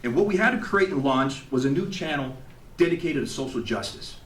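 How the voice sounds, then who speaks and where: A man giving an emotional, animated storytelling speech to an audience at an event, acting out what people said. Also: medium pitch, a little fast, slight background noise. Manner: animated, acts out quotes, laughs along. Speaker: graduating student giving a speech. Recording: echoey hall, faint ambience.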